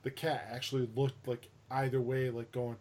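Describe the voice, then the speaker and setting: A man's voice: medium pitch, flat delivery, normal speed, a little mellow, slight background noise. A man hosting a casual chat, telling an anecdote with rambling restarts, fillers and swearing.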